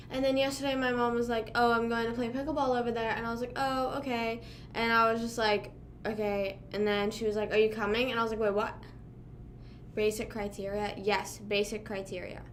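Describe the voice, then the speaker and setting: Rambling young woman livestreamer, high voice. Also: fairly bright tone, slight background noise. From Pennsylvania. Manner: rambling, filler-heavy, self-deprecating. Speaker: livestream host. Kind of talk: casual chat with live viewers.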